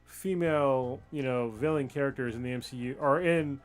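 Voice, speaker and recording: A man's voice: mid-range voice, normal speed, faint music behind. A man co-hosting a livestream podcast, talking hesitantly with lots of fillers and casual swearing. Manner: hesitant, filler-heavy, profane. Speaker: podcast co-host.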